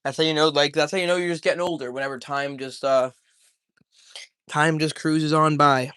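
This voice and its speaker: A man's voice: fairly high pitch, steady tone, normal speed, bright, forceful tone, smooth, no room sound, studio quality. A young man chatting casually on a live stream, rambling and joking as he reads the chat aloud.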